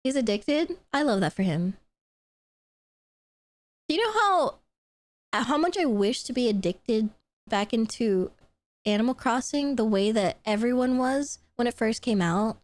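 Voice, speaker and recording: Her voice is fairly high and unhurried, with frequent pauses and no room sound. This young streamer chats casually live, getting gushy and excitable, laughing often and cursing without hesitation.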